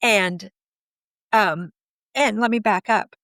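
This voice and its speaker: A woman's voice: mid-range voice, takes it slowly, a bit bright, no echo. A middle-aged woman candidly recounting an emotional personal story, acting out past conversations as she goes. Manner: emotional, candid, quotes others in dialogue. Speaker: guest telling her story.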